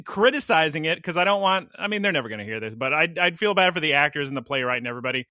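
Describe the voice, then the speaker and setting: A man hosting a casual podcast, telling stories in an animated, jokey way with playful asides. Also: on the high side, racing, no room sound, clean studio sound. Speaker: podcast host.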